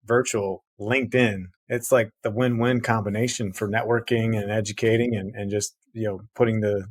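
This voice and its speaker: A man's voice: fairly low pitch, little pitch movement, normal speed, no echo. A man hosting an interview podcast, easygoing and affirming, calling his guest "man" and "dude". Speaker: podcast host. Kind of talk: casual interview talk.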